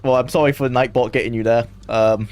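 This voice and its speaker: Chatty young streamer. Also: male voice, medium pitch, steady tone, brisk, darkish tone. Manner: chatty, laughs often, talks to chat. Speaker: game streamer. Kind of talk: casual live-stream chat.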